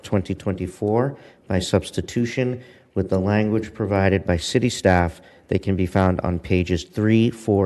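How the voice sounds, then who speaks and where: A man's voice: lowish voice, a little mellow. A man with a Boston accent, vice mayor, making formal motions in a council meeting with some hesitations. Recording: echoey council chamber.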